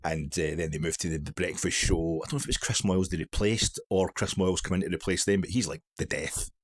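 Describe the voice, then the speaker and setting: A man's voice: low voice, fairly even intonation, fast talker, breathy edge. A middle-aged man with a Glaswegian accent, telling a rambling, self-mocking story in a casual monologue. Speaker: vlogger.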